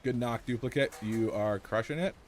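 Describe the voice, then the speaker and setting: A man streaming a game live, joking excitedly with his chat and teammates as he plays. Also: medium pitch, moderate pace, slight background noise. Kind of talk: live gameplay commentary.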